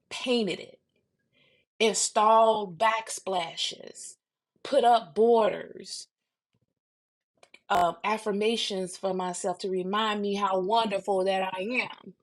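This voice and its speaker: A woman in her fifties hosting a podcast, talking bluntly and swinging from low murmurs to loud outbursts. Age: 50s. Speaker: podcast host. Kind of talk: casual monologue.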